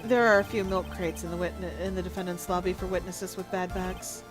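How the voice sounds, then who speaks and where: Woman doing a low, measured male prosecutor, composed and dry. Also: steady tone, over music, close to an everyday voice. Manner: dry, measured, lowered delivery. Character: cool, composed male prosecutor, young adult.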